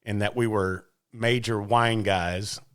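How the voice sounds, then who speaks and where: A man's voice: lowish voice, steady tone, takes it slowly. A man telling a story in casual chat, with frequent restarts and asides. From Texas. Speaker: podcast guest.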